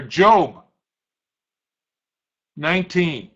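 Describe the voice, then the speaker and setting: Emphatic bright-voiced male preacher. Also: a little high, dull audio. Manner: emphatic, slows to stress scripture, throat-clearing. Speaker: pastor. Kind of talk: sermon.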